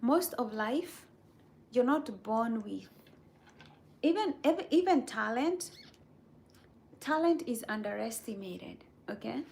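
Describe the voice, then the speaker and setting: A woman hosting her channel in a casual motivational chat, reading viewer comments and often checking in with "right?" in a soft, breathy near-whisper. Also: on the high side, lively intonation, slow pace, pauses often. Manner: earnest, repeats "right?" and "okay?" to check in with viewers. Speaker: channel host.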